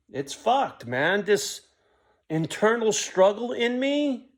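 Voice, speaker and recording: A middle-aged male vlogger talks alone to his camera in a casual vlog, his voice high, sing-song and extremely slow. He rambles, swears freely and reflects on himself, often ending lines with a muttered "right?".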